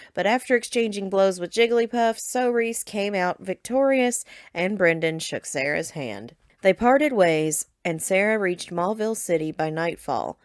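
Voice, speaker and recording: A woman narrating a game playthrough as a storybook tale, with gentle, steady storytelling. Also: fairly low pitch, no room sound, clean studio sound.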